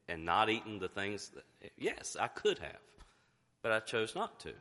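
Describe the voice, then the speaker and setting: A man's voice: fairly low pitch, wildly swooping pitch, measured pace, fairly bright tone, big-room sound. A middle-aged male pastor preaching a sermon with emphatic rhetorical questions, fighting through a cough. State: coughing, fighting to get words out.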